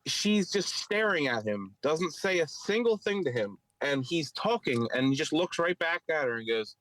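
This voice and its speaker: A man's voice: a little high, moderate pace, no room sound, low-quality recording. A man with a Philadelphia accent, co-hosting a podcast and telling a long story in a rambling way full of fillers. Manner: rambling, filler-heavy, animated retelling. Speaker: podcast co-host. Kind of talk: casual storytelling chat.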